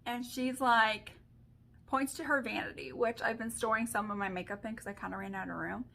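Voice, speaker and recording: Chatty woman doing her makeup on camera, bright kinda high voice, lots of likes. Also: steady tone, a little fast, vocal fry. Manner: chatty, storytelling, filler-heavy with frequent "like". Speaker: beauty vlogger. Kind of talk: casual makeup tutorial chat.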